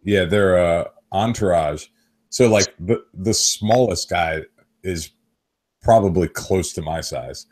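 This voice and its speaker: Deep-voiced man in his thirties. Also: slow pace, a little mellow. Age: 30s. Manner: rambling storyteller, swears freely. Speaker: podcast host. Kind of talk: casual chat.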